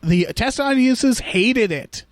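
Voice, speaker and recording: A man with a notably high speaking voice talks loosely through a movie, stumbling into restarts and slipping into mock voices for quotes. The sound is dry and close, with no room around it. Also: expressive, slow pace, no echo. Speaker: podcast co-host. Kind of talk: casual movie discussion.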